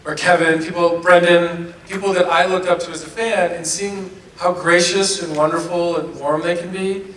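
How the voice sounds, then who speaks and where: Man, convention panel Q&A, animated laughing storyteller, bright high voice, distant echoey hall, faint noise. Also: moderate pace. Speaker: actor answering fan questions.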